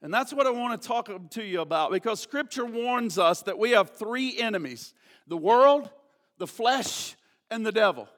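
A man preaching at a church service with a very high, bright and forceful voice. He swings from hushed prayer to loud, impassioned emphasis. He often repeats words and restarts as he builds toward his point. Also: animated, normal speed. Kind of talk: sermon with a prayer and a storytelling illustration.

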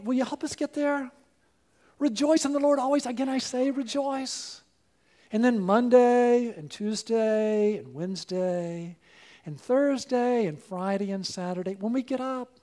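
High-voiced man preaching a dramatic sermon. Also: measured pace. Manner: dramatic preaching, swinging from hushed to loud. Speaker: pastor.

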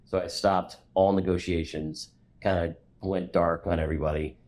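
Middle-aged male guest, very deep voice, lively storyteller who acts out the people in his stories. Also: normal speed. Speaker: commercial real estate broker, guest. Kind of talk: storytelling in a conversational interview.

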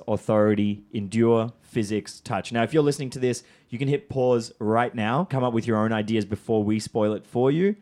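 A man's voice: mid-range voice, darkish tone. A man hosting a podcast, leading a casual, upbeat brainstorm with his guests. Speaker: podcast host. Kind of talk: casual chat.

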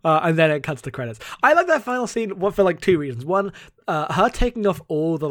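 High-voiced man in casual chat. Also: sing-song, fairly quick. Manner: laughing, loose and profane. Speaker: podcast co-host. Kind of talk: casual chat recapping a TV episode.

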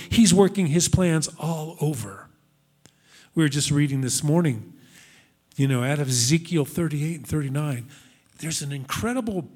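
High-voiced man preaching earnestly. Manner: earnest, with frequent restarts and rhetorical questions. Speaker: minister. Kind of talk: conversational sermon.

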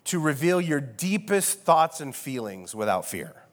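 Brief: male pastor, slightly high voice, wry chatty sermon, long hall echo. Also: sing-song, unhurried. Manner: casual and wry, with many fillers. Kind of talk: conversational sermon. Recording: long reverb of a large hall.

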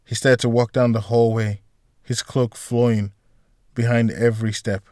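A man narrating a novel chapter in a steady storytelling voice. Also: fairly low pitch, normal speed, dry recording, studio quality. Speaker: audiobook narrator. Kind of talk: scripted narration.

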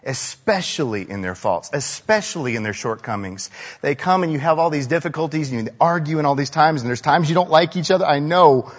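A man preaching a sermon in a large church hall, his voice trailing off in a long reverb. He talks casually and tells stories, asking the listeners questions as he goes. His pitch sits in the middle range for a man. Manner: conversational, storytelling, with frequent rhetorical questions. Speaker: pastor.

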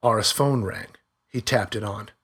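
A man narrating a story in a plain, steady storytelling way. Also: fairly low pitch, moderate pace, slightly rough. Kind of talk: scripted audiobook narration.

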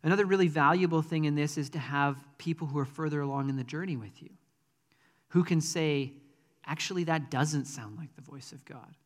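A man's voice: on the high side, fairly quick, in a large hall. A man preaching a sermon in a conversational, earnest way, with frequent ums. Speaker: pastor.

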